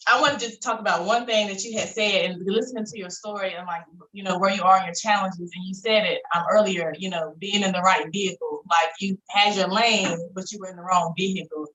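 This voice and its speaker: A woman's voice: medium pitch, steady tone, brisk, hardly any pauses, roomy sound, rough recording. A woman hosting a casual live interview, affirming her guest with frequent "mm-hmm"s. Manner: warm, affirming, frequent backchannels. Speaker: host.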